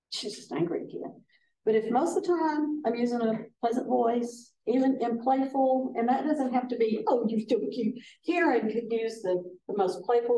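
A woman's voice: mid-range voice, dark tone. An older woman, teaching a casual workshop for foster care advocates in a folksy way that acts out quotes in different voices. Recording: echoey room, voice from a distance.

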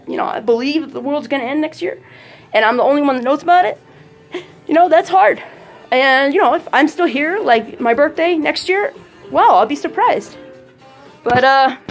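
A woman recording a candid video diary outdoors, talking in a rambling, blunt way with lots of fillers and swearing. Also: high voice. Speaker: video diarist.

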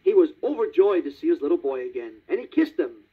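A man narrating a read-along children's storybook in a lively, child-friendly way. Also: on the high side, brisk, husky. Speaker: storybook reader. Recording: tinny 1950s vinyl record.

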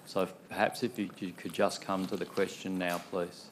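A man's voice: deep voice, flat delivery, moderate pace, slight background noise. A man chairing a council meeting as mayor, polite and patient, often repeating himself. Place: council chamber.

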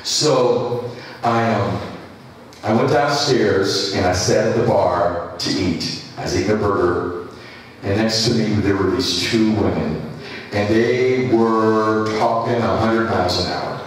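A pastor telling a rambling sermon story with many restarts. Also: male voice, on the low side, slow, a little hiss or hum. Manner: rambling anecdotal delivery with restarts. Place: church. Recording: echoey church hall from a distance.

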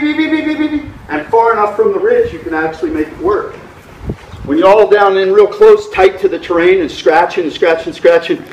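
A middle-aged man teaches thermal flying outdoors in an animated, hands-on way, often imitating the beeping of his instrument. His voice sits a little high for a man. The recording is echoey, with faint outdoor noise underneath. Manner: animated, imitates vario beeps with rising pitch. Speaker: hang gliding instructor. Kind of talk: outdoor flying lesson talk. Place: outdoors at a mountain flying site.

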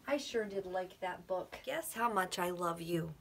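A woman kindergarten teacher giving a recorded video class for young children, speaking gently and sometimes dropping to a whisper. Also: mid-range voice, lively intonation, far from the mic, a little hiss or hum. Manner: gentle, slow, dips into whispers.

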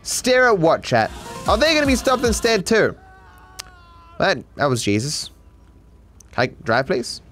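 Australian man, game streamer, sarcastic, swearing, fairly high voice, animated pitch. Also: measured pace, pauses often, soft background music. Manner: sarcastic, swearing, addresses chat. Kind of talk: live gameplay commentary.

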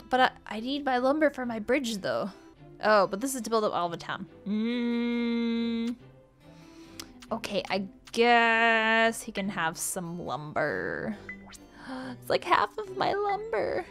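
A woman hosting a casual let's-play, chatty and excitable, gasping and reacting aloud as she plays. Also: a little high, slow pace, soft background music. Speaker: gaming channel host.

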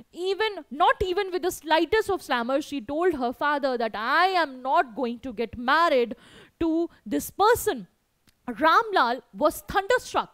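A woman's voice: high voice, a bit bright, dry recording, clean studio sound. A woman teaching an online class, reading a story aloud and explaining it in simple words. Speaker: English teacher.

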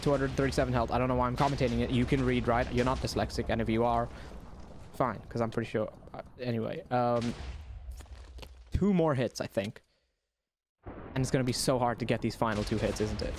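A young man giving excited, profanity-laced commentary while he plays a video game and taunts the enemy out loud. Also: medium pitch. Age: young adult. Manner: excitable, swears, talks to the enemy. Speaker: gaming YouTuber. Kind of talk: live gameplay commentary. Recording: noisy game sound under voice.

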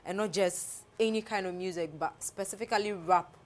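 A woman's voice: mid-range voice, a little fast. An upbeat woman hosts a casual interview. She exclaims often and piles one question onto the next. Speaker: show host interviewing a rapper.

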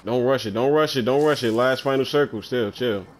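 A man's voice: medium pitch, fairly quick. Man barking short gaming commands. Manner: bossy, repeats short commands. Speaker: gamer coaching a teammate. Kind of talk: casual gaming chat.

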